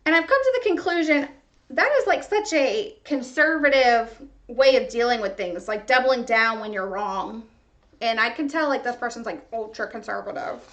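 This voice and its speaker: A woman's voice: a little high, normal speed, fairly bright tone, dull audio. A young woman hosting a podcast, ranting in casual chat, frustrated and swearing freely with lots of "like". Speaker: podcast host. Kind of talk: casual venting monologue.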